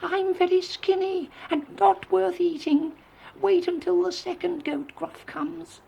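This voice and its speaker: The youngest billy goat, tiny and timid, squeaking out a plea as the reader puts him on. The voice jumps far above the narration into a thin, strange squeak. Every word begs to be spared. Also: fairly even intonation, measured pace, gravelly, dull audio, full character voice. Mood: pleading. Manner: squeaky and pleading.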